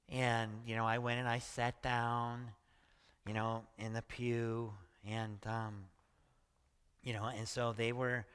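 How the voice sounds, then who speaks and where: Older pastor in a reverberant hall. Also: male voice, medium pitch, a bit bright, clear, resonant tone. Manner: chatty, storytelling, often asks "right?". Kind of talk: conversational sermon. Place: church hall.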